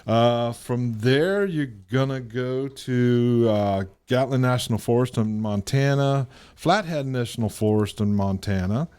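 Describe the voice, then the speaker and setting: A man hosting a podcast, walking through a road-trip route in casual chat with steady, list-like delivery. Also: mid-range voice, measured pace, hardly any pauses, clean tone. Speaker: podcast host.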